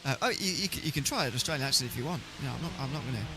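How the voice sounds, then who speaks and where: A man's voice: medium pitch, expressive, rapid-fire, sharp tone, soft background music. A man giving live sim racing commentary, chatty and teasing his co-commentator.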